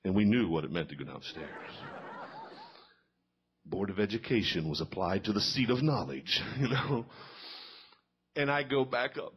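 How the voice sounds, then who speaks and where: A man's voice: on the low side, lively intonation, normal speed, long pauses, slightly rough, dull audio. A middle-aged man telling folksy stand-up stories and quizzing a live audience in a small cafe. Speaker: comedian.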